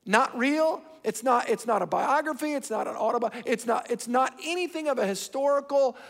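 A man's voice: very high-pitched, normal speed, gravelly, fairly bright tone. A middle-aged man preaching a sermon as pastor, emphatic and repetitive, shifting his pace to drive points home. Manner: emphatic, repeats himself, shifting pace for stress. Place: large church hall. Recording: hall reverb from a large sanctuary.

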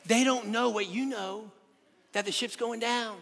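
High-voiced preacher in an echoing hall. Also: male voice, unhurried, creaky. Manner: animated storytelling with rhetorical questions. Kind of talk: sermon.

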